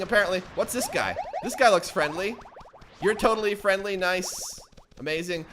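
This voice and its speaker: A man's voice: mid-range voice, lively intonation, a little fast, fairly bright tone, slight background noise. A man hosting a gaming channel, giving joking let's play commentary and often yelping in surprise.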